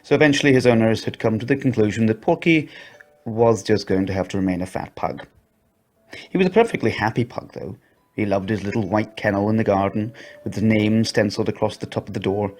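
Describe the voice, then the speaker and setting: A man narrating a children's story in an expressive storybook reading voice. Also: on the low side, a little fast.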